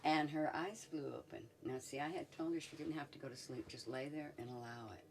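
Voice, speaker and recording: A woman's voice: sits low, a little fast, far from the mic, a little hiss or hum. An older woman, a medicine woman, telling a personal story in an interview, chuckling often as she goes.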